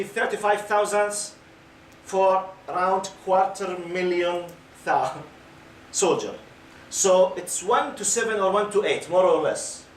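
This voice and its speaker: A man in his fifties with a fairly high voice lectures a room of young listeners and keeps asking them questions. His phrasing is loose and repetitive. The sound is roomy and distant, with faint background noise. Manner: questions the audience and waits for answers. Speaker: Islamic lecturer. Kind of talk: lecture to a youth audience. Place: lecture hall with a live audience. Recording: echoey room picked up from a distance.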